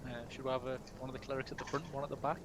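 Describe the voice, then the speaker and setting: A man's voice: mid-range voice, level tone, rapid-fire. A man playing a tabletop game in casual, easygoing, joking chat. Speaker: player. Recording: very noisy online call audio.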